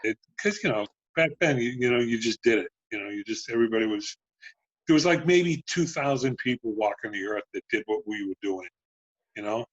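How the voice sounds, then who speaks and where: Husky man in his sixties, telling wild road stories. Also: on the low side, a little fast, no room sound, lo-fi sound. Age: 60s. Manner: profane, animated anecdotes with acted-out dialogue. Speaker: guest, former band road manager. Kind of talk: casual storytelling.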